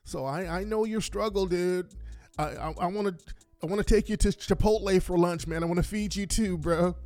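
A man voicing an awkward male coworker who talks in a hushed, earnest, overfamiliar way. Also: sits high, moderate pace, no echo, faint music behind, lightly acted. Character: awkward male coworker trying too hard.

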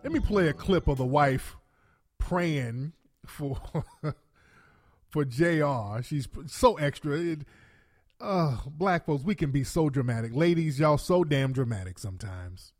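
Animated, cursing man commentator. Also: a little high, measured pace, faint music behind. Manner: animated, profane, laughing asides. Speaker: commentary host. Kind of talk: casual commentary.

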